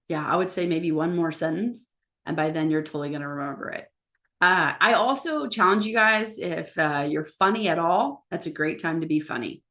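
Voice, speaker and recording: A lively woman with a slightly low voice, coaching a class on public speaking during a live online session. She talks with emphatic encouragement and playfully acts out the lines people say. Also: moderate pace. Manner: energetic, acts out quoted lines in different voices.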